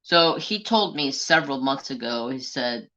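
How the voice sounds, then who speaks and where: A man's voice: medium pitch, expressive, moderate pace, sharp tone, dull audio. A man hosting a crafting live stream, telling stories in casual, profane chat. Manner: chatty, profane storyteller.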